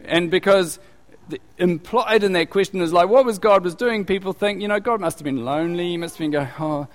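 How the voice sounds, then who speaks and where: A male preacher giving a conversational, animated sermon with acted asides. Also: high-pitched, brisk, big-room sound.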